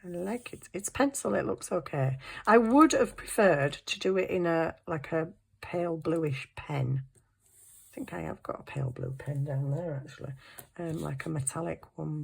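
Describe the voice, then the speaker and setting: A woman's voice: deep voice, normal speed, creaky, slightly rough. A middle-aged woman, chatting to herself while crafting in a casual vlog, flustered and apologetic. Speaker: craft channel host.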